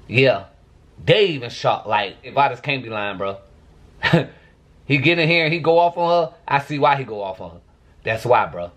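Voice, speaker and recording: A man's voice: medium pitch, animated, moderate pace, a bit bright. A man vlogging to camera, venting in a profane, exasperated rant.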